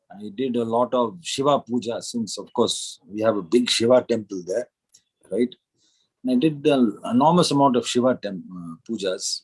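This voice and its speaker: A man's voice: mid-range voice, breathy edge, poor audio. A middle-aged man, telling a reflective spiritual story as a guest speaker at a club meeting. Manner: reflective, anecdotal, unhurried.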